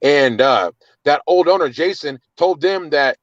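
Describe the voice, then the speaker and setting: Worked-up guy swearing a lot, higher voice, dry dull sound. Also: animated, a little slow, no room sound. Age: adult with children. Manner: agitated, swearing, repeating words. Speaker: man telling of his arrest. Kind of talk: casual storytelling.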